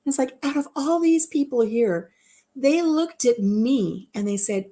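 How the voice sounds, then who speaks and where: A woman in her fifties hosting a live chat and telling stories in a warm, chatty way, laughing at herself. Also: a little high, lively intonation, normal speed. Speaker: host.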